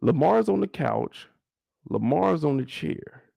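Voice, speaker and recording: A young man hosting a casual livestream recap, animated and profane, often leaping into high exclamations. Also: takes it slowly, vocal fry, no room sound, clean studio sound. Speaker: show host.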